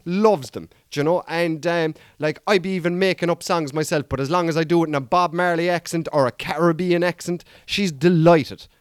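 An Irish man riffs through a casual comic monologue, rambling and poking fun at himself. His voice sits a touch high for a man. The sound is dry and close to the mic. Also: steady tone, brisk, few pauses, clean tone, no room sound. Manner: rambling, self-mocking, chatty asides. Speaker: podcast host.

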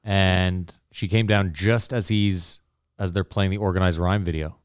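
Man, deep low voice, dry close sound, podcast host, animated storytelling, swears a lot. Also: unhurried, clean tone, no echo. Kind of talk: casual chat.

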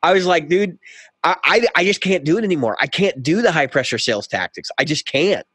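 A man's voice: fairly high pitch, lively intonation, brisk, a bit bright, no echo. A man co-hosting a podcast who tells a long story in casual chat and acts out both sides of a heated exchange. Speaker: podcast co-host.

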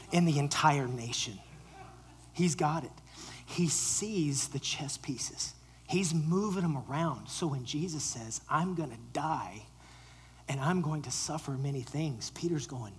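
A man preaching a sermon to a live audience, animated, joking with the crowd and dropping to a whisper for quoted lines. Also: medium pitch, moderate pace, husky, low-quality recording. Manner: jokes with the audience. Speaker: pastor.

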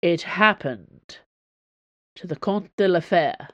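Lady putting on a low, gruff drunk swordsman guy, curt and bitter, dry close sound. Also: animated, measured pace, no room sound, muffled recording. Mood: snarling.

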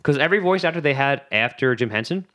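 Animated man in casual podcast banter. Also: fast talker. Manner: jokey, breaks into silly high character voices. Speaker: podcast co-host.

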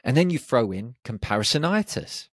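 A man hosting a solo podcast, talking in an animated way and slipping into quick voices for people's inner self-talk. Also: mid-range voice, no echo, clean studio sound. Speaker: podcast host.

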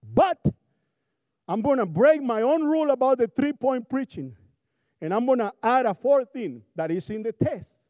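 High-voiced preacher with a Spanish accent. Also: male voice, normal speed, no echo, highs cut off. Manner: animated, joking, rhetorical questions to the congregation. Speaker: pastor. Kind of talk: sermon.

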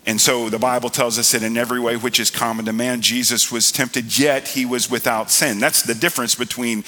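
A man preaching a sermon as pastor, building to loud emphatic passages. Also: medium pitch, flat delivery, a little fast, hardly any pauses. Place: church sanctuary. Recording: reverberant church hall.

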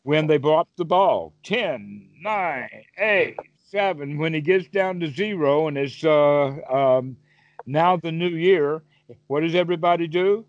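Over a call, a man gives a Dhamma talk teaching meditation, asking his listener questions and offering vivid everyday examples. His voice is on the high side and unhurried, and the recording sounds dry and muffled.

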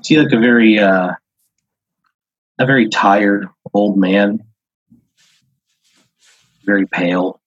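A man with a low, husky voice spins an improvised second-person story, rambling along with plenty of "like" and "uh" fillers. The sound is dull and lo-fi, as from a basic podcast setup. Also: slow, pauses often, no echo. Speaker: podcast host. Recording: dull lo-fi audio.

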